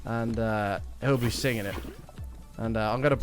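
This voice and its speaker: A young man chatting with his stream audience in an excitable, casual way, his voice worn and strained. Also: lowish voice, moderate pace, faint music behind. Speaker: livestreamer.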